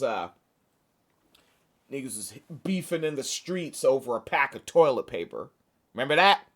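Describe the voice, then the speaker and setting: Guy podcaster reading the news slow, voice jumps all over, snarky swearing asides. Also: mid-range voice, a bit bright. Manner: sarcastic and profane asides. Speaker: podcast host. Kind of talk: reading news aloud with commentary.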